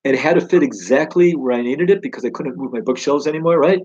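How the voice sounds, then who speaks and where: Enthusiastic man teaching Torah, husky voice. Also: a little high, fast talker, darkish tone, highs cut off. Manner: enthusiastic, conversational, exclaims wow. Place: home study.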